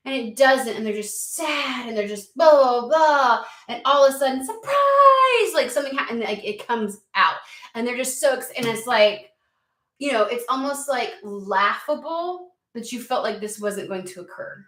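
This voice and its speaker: A woman's voice: on the high side, moderate pace, echoey room. Swearing, rambling woman tarot reader. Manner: chatty, rambling, swears freely, lots of "like". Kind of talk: casual tarot reading to camera.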